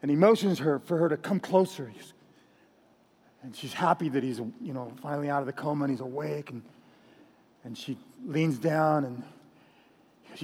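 A man preaching at an evening church service, talking loudly and telling jokes in a chatty, laughing way. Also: a little high, normal speed, long pauses, husky, big-room sound. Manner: loud, chatty, laughing storyteller. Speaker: pastor. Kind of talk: sermon with jokes.

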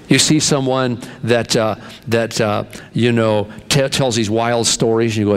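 A man's voice: medium pitch, fairly even intonation, moderate pace, smooth. An older man preaching a sermon in a folksy, conversational way, with frequent restarts. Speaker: pastor.

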